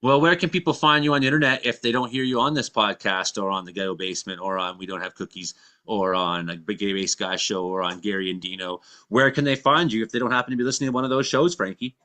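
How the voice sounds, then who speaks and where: A man's voice: lowish voice, quick pace, sharp tone. A man from Canada hosting a casual live show, rambling and laughing often. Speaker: podcast host.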